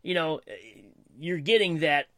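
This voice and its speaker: A man's voice: on the high side, measured pace, a bit bright, no room sound. A man talking enthusiastically in a casual conversation, laughing easily. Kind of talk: casual fan chat.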